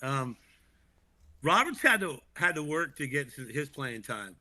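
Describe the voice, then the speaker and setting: A man co-hosting a casual sports chat show, animated and quick to laugh, often restarting his sentences. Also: fairly high pitch. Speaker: podcast co-host.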